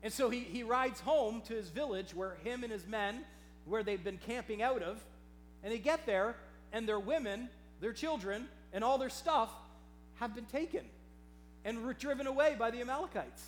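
High-voiced man preaching with passion. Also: moderate pace, slight background noise. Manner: impassioned, swinging from hushed to loud; reads scripture aloud dramatically. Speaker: pastor. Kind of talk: sermon.

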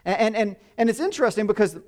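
A middle-aged man preaching a sermon in a conversational, halting way, with many fillers and restarts. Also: sits high, expressive. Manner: hushed, reverent when praying. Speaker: pastor. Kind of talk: sermon with prayer.

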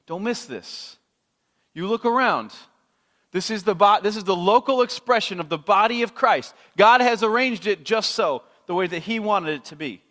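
A pastor giving a sermon, animated and chatty, telling a story with acted-out voices. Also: male voice, high-pitched, moderate pace. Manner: animated storytelling, acting out scenes with shifting voices. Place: church sanctuary. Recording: long hall reverb.

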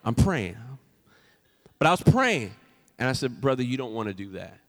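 A man preaching a sermon as pastor, swinging from loud emphatic lines to soft, hushed storytelling. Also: medium pitch, sing-song, normal speed, long reverb tail. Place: church sanctuary.

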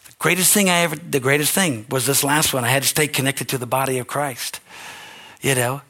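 An older man, a pastor, preaching an earnest, emotional sermon that swings from quiet to shouting. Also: mid-range voice, brisk.

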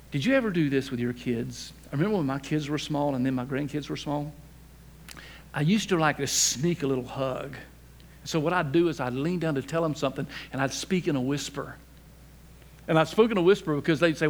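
An older man, a pastor, preaching a sermon in a folksy, humorous way, sometimes dropping to a hushed near-whisper for emphasis. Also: a little high, brisk, slight background noise.

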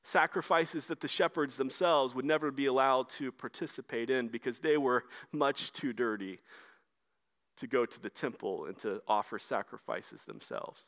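A man preaching a sermon in a conversational way, moving between brisk stretches and slow, emphatic lines. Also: medium pitch, expressive, fairly bright tone. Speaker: pastor.

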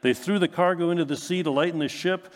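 A male pastor preaching in a relaxed, joking way, firing off rhetorical questions. His voice sits a little high for a man. A long reverb from a large church hall trails after his words. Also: fast talker. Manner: conversational, humorous, asks rhetorical questions. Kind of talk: sermon.

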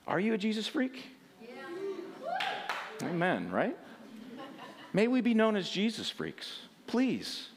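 A man preaching a sermon, animated, often laughing and restarting phrases, then reading a passage aloud. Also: sits high, unhurried, pauses often.

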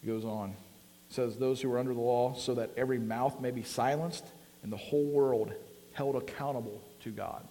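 A man's voice: mid-range voice, fairly even intonation, moderate pace, dark tone, a little hiss or hum. A man preaching a sermon in a casual, conversational way, using many fillers and rising to emphatic peaks. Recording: long hall reverb.

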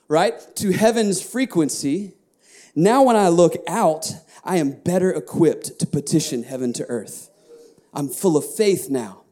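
A man with a high voice preaching to his church, his tone mellow and warm. He shifts between soft, hushed prayer and lively, shouted praise. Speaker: pastor. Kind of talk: sermon.

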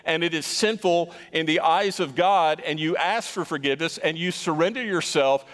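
A man's voice: fairly high pitch, moderate pace, fairly bright tone, big-room sound. A man preaching a sermon as pastor, emphatic and stressing points by repeating words.

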